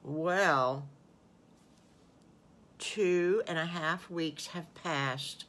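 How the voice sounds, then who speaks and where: An older woman, a great-grandmother, telling an improvised children's story slowly with homely asides to the little listeners over a video call. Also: low voice, fairly bright tone. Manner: slow, homely, addressing children with small asides.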